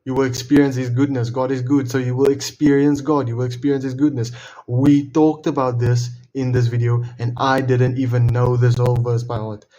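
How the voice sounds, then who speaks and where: A man's voice: mid-range voice, little pitch movement, mellow, highs cut off, slight background noise. A man hosting a casual devotional Bible talk, earnest, often repeating and restarting his phrases. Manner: earnest, repeats and restarts phrases, slows to read verses aloud. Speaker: Bible reading video host.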